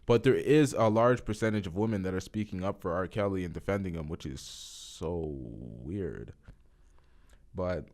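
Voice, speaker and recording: A man's voice: sits low, normal speed, a little mellow. Blunt, cussing podcast host man. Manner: blunt, profane, offhand. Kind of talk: casual reaction commentary.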